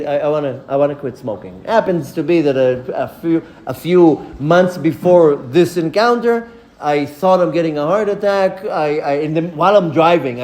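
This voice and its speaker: Man, rabbi, high voice, animated storyteller, lecture, acts out dialogue.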